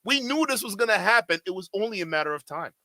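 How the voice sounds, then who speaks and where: Streaming his reaction to a clip, a man rants and mocks in heated commentary, mimicking others in exaggerated voices and stuttering slightly at times. His voice is high-pitched and sharp, with lively intonation and a fast pace, and there's no echo.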